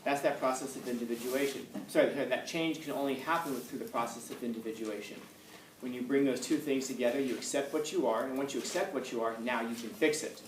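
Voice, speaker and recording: Casting: male teacher, conversational and repetitive, at medium pitch, distant mic in a reverberant room. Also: steady tone, fast. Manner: conversational, repeats points for emphasis. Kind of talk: classroom lecture. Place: classroom. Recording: echoey room, far from mic, faint noise.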